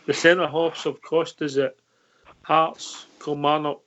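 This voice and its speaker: Brisk, chatty male phone-in host. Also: on the high side, level tone, fairly bright tone. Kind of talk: casual radio phone-in. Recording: lo-fi online call audio.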